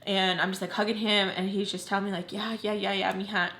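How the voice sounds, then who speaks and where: A woman's voice: mid-range voice, level tone, fast, fairly bright tone, a little hiss or hum. Candid young woman telling a storytime. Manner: candid, heavy use of "like". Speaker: vlogger. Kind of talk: emotional storytime. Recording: roomy echo.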